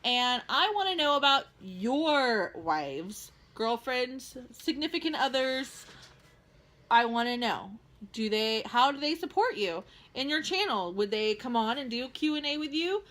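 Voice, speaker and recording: A woman's voice: high voice, big pitch swings, a little slow, a bit bright. A woman co-hosting a casual home vlog, chatty and bubbly, sometimes stretching her words out. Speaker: co-host. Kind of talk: casual chat. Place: home in Texas.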